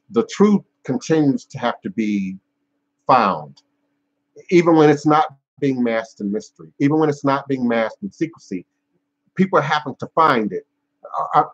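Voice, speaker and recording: A man with a husky, slightly breathy voice hosts a live stream as a spiritual teacher. He speaks in a measured, emphatic way, stacking repeated phrases and pausing on fillers. The audio is dull and lo-fi. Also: mid-range voice. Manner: frequent fillers and restarts. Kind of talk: unscripted live-stream talk.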